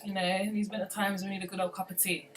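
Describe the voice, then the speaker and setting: A woman's voice: medium pitch, level tone, fast talker, background noise. A woman hosting a live stream as a plant grower. She chats casually and rambles through many asides.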